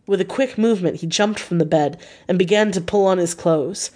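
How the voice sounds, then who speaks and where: Audiobook narrator, woman, somewhat low voice, measured dramatic reading. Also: darkish tone.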